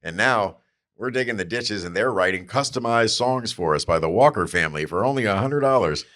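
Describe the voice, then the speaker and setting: A man's voice: on the low side, lively intonation, brisk, a bit bright. A man co-hosting a podcast, chatting casually and explaining things in a musing, thoughtful way. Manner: explanatory, musing, says "I mean" and "you know". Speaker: podcast co-host. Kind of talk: casual chat.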